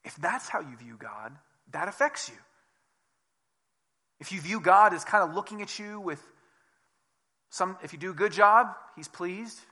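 A male pastor delivering a relaxed, conversational sermon. His voice sits a little high and sounds bright and forward. He acts out the people he quotes, jumping from quiet asides to loud, emphatic lines. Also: a little slow, long pauses.

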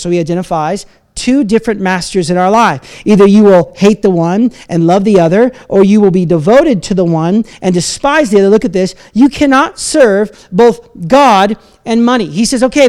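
A man's voice: extremely high pitch, clean tone. A man preaching a sermon as pastor, talking in a conversational, self-deprecating way with asides and laughs.

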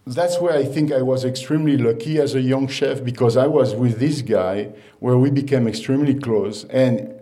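Mellow-voiced man, halting storyteller. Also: mid-range voice. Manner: halting, full of "uh" and restarts; storytelling, laughs at own anecdotes. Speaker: chef and restaurant owner. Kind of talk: informal talk to an audience.

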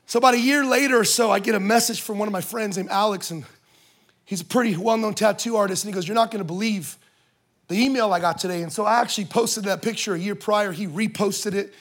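High-voiced man telling a funny sermon story. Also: quick pace. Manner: lively, joking, conversational asides. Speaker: speaker at a church service. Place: in front of a live audience in a room.

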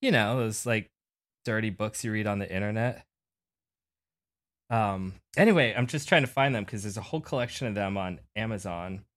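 A man with a lowish, bright, forceful voice, chatting casually on a podcast. He giggles a lot as he goes along. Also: moderate pace. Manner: giggly, laughs often while talking. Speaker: podcast co-host. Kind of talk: casual chat.

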